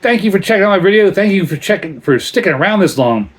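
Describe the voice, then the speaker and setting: A man's voice: high-pitched, lively intonation, fast. A man reviewing a beer in a casual vlog, chatty and rambling as he tells stories between sips.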